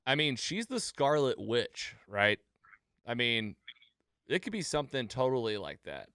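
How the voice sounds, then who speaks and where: Smooth-voiced man recapping with gusto. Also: mid-range voice, no room sound, studio quality. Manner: animated, quick retelling that slips into acted quotes. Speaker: podcast co-host. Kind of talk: casual chat recapping a show.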